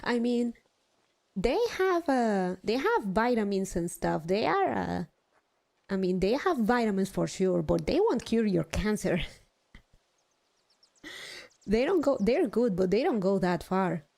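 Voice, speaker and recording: Slow-talking woman streamer, chatty. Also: medium pitch, big pitch swings, gravelly, darkish tone. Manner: chatty and self-mocking, casual swearing. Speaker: live streamer. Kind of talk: casual chat while gaming.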